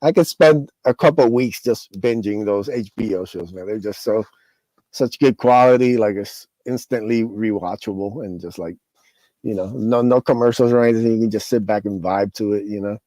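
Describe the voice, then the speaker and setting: A man, a cartoonist guest in a casual chat, talking in a relaxed, dry way. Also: on the low side, normal speed, no echo.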